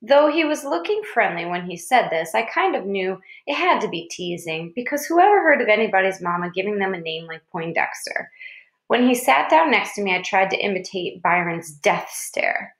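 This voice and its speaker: A woman narrating a children's novel in a measured storytelling voice. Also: mid-range voice, big pitch swings. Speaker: audiobook reader. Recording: roomy echo.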